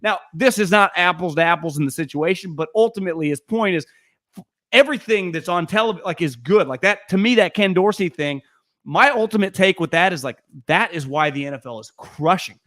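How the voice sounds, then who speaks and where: Animated man hosting sports talk, slightly high voice. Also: no echo, clean studio sound. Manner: animated storyteller, quick asides. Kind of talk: casual sports talk chat.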